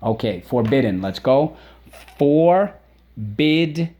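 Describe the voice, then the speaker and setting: A man's voice: mid-range voice, mellow, dull audio. A male teacher leading a children's spelling lesson, drilling words aloud, asking questions and praising answers. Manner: drills words aloud, repeats them slowly and emphatically; encouraging, asks questions and praises.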